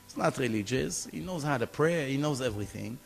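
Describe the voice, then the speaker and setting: A man, a rabbi, telling a story in a sermon, animated and acting out the dialogue as he goes. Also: medium pitch, brisk, vocal fry, faint music behind.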